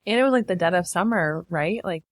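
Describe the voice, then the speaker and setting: A woman's voice: on the low side, expressive, brisk, dry recording, clean studio sound. A woman co-hosting a podcast, chiming in with short questions and frequent laughs. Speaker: podcast co-host. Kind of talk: casual chat.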